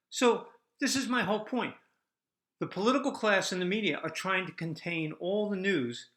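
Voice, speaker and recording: Older man, podcast host, combative monologue, rhetorical questions, slightly high pitch, bright forceful tone. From United States. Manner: combative, rhetorical, lively ups and downs.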